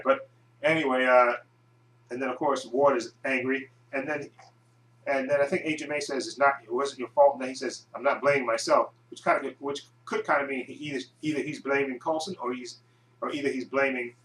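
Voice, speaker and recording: A man's voice: mid-range voice, a bit bright, roomy sound, poor audio. A man giving a casual, rambling recap and review of a TV episode, often restarting his sentences. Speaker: video reviewer.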